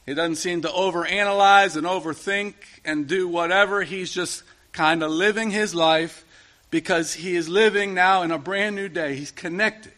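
High, bright-voiced preaching man. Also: normal speed. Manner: conversational preaching, full of rhetorical questions. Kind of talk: sermon.

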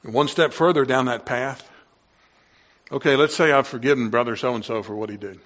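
A man preaching a sermon, moving between quiet reflection and loud, excited exclamations. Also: mid-range voice, normal speed, muffled recording. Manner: impassioned, swings from quiet to loud.

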